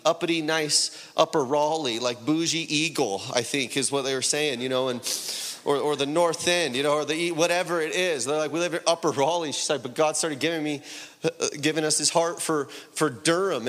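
A man's voice: on the high side, fairly quick, a bit bright, big-room sound. A man preaching a sermon, telling a story loosely with many fillers and then building to fervent, rising exhortation.

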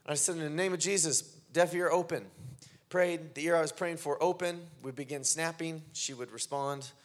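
A man's voice: fairly high pitch, steady tone, moderate pace. A man preaching a sermon, telling stories and building to fervent, emphatic declarations. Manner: builds from quiet storytelling to fervent shouting. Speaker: pastor.

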